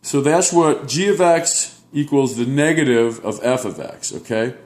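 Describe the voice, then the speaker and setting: A man's voice: medium pitch, expressive, a little slow, darkish tone, echoey room. A man teaching a math class, explaining graphs step by step and checking in with students. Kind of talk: classroom lecture at a whiteboard.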